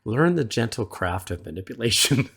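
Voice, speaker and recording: A man hosting a music reaction video, gently advising the viewer like a mentor into a desktop studio mic. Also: medium pitch, sing-song, moderate pace, vocal fry, husky. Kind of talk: casual reaction commentary. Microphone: desktop USB studio microphone.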